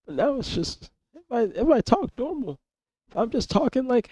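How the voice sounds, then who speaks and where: A sick young man whose hoarse, breaking voice keeps jumping up high, chatting on a live stream. He rambles, repeats himself and swears freely. His tone is dark and muffled, recorded close and dry. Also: big pitch swings, normal speed, dry recording. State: hoarse, voice cracking and going high from illness. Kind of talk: casual live-stream chat.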